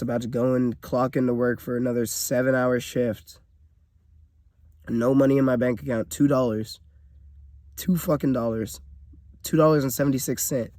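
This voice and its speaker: A man's voice: medium pitch, a little mellow, no echo. Young guy in his car venting hard, swearing a lot, dry close sound. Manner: blunt, profane, emotional venting. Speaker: vlogger. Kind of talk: personal vlog rant.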